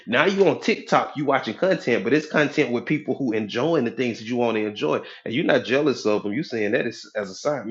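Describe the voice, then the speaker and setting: Animated man coaching motivationally. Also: medium pitch, a little fast, few pauses, highs cut off. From United States. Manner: preachy, animated, acts out quoted voices. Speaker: hypnotherapist and life coach. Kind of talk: motivational talk.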